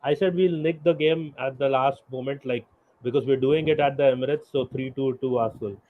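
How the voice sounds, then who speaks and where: A man giving his football prediction in a relaxed, plain way. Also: medium pitch, fairly quick, slight background noise. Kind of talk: casual football chat. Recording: tinny phone-like line.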